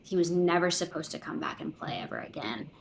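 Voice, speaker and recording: A young adult woman, a podcast guest, telling a personal story in casual conversation, full of "like"s and lively quoted voices. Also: low-pitched, a little fast, creaky, slight background noise. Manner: chatty, filler-heavy retelling with many "like"s, quoting others in lively voices.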